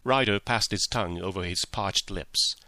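A man narrating an audiobook in a measured, even storytelling manner, recorded on a close mic. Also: deep voice, no echo. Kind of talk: scripted narration.

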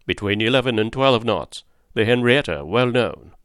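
A man reading an audiobook voices a gruff, stubborn middle-aged sea captain who answers in short blunt refusals with a growling voice. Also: medium pitch, animated, moderate pace, a bit bright, dry recording, clean studio sound, lightly acted. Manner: clipped, blunt one-word refusals. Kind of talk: audiobook character voice.

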